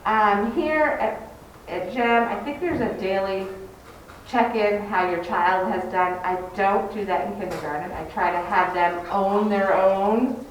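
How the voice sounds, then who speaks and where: A woman with a mid-range voice talks at a measured pace, picked up by a distant mic. As a kindergarten teacher, she informally tells parents about her classroom, chatty and full of fillers, in a large indoor classroom that's very echoey with faint noise.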